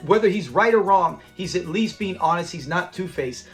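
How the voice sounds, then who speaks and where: A man with a fairly high voice recapping a classic sitcom episode on his own channel. He talks casually and with animation, slipping into the characters' lines as he goes. Soft background music plays under him. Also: moderate pace. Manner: chatty, animated, acts out quotes.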